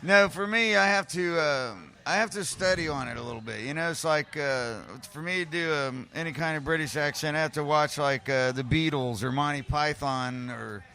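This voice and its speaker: Laid-back bright American man. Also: a little high, normal speed, hardly any pauses. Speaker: podcast co-host. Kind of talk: casual chat.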